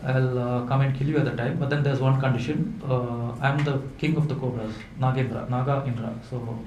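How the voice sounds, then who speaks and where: A man voicing a furious male king cobra, speaking in a halting, threatening way. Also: mid-range voice, fairly even intonation, darkish tone, echoey room, muffled recording, a little hiss or hum, lightly acted. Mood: angry.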